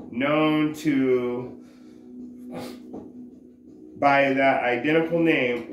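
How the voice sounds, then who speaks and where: A man teaching scripture in a slow, unhurried way, often pausing and restarting as he searches for words. His voice sits in a roomy, echoing space. A faint hum of background noise stays behind him. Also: medium pitch. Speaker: religious teacher.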